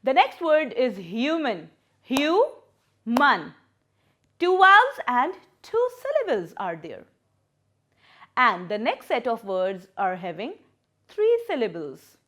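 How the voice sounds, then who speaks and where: Slow, patient woman teacher. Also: on the high side, wildly swooping pitch, a bit bright. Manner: patient, repeats words and splits syllables. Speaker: primary school English teacher. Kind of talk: recorded classroom lesson.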